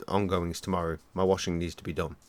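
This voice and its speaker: A man's voice: low-pitched, level tone, fast talker, noisy background. A man chatting and swearing casually while streaming a game and tending to his dogs. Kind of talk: casual live-stream commentary.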